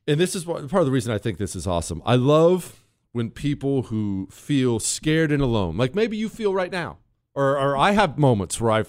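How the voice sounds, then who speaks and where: A man's voice: medium pitch, a little mellow, no room sound, clean studio sound. A man hosting a talk radio show, joking and teasing while he reads listener emails aloud.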